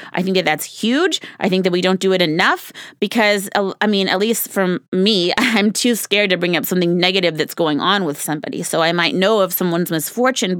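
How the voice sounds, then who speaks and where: A woman's voice: fairly low pitch, fairly bright tone, no echo, studio quality. A woman hosting her own podcast in casual solo talk, earnest, repeating words for emphasis and laughing at herself. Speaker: podcast host.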